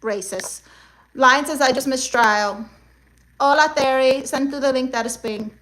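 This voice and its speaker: A young woman from Puerto Rico and Guatemala doing a sassy comedic livestream, reading viewer comments in a loud, brash, exclamatory way and dropping Spanish slang. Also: sits high, a little slow, poor audio.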